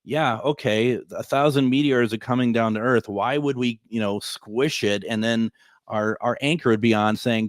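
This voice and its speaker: A man in his forties hosts a radio show from the studio, telling a story to his listeners. He rambles and restarts his sentences, with chuckles along the way. His voice sits at an average pitch and sounds dry and close. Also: moderate pace, no echo. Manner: rambling, self-correcting, chuckling. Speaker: radio host.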